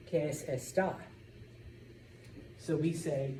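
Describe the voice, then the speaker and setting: A man teaching a Spanish class, lecturing in a lively way and often checking in with "okay?". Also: fairly high pitch, a little slow, long pauses, a little hiss or hum. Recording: echoey classroom from far off.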